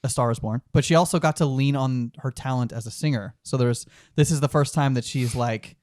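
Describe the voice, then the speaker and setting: A man's voice: medium pitch, brisk, a little mellow, dry recording, studio quality. A man co-hosting a podcast, giving his blunt, swear-laden opinions in a casual film review chat. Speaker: podcast co-host.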